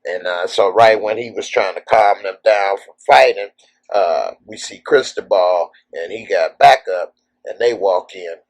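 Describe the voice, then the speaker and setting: A man with a somewhat low voice casually retelling a TV episode, as a reviewer recapping for his audience. He strings the events together loosely with "and so" and "uh". He drops briefly into the characters' lines as he goes. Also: unhurried, poor audio. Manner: loose storytelling full of "and so" and "uh", slipping into the characters' lines.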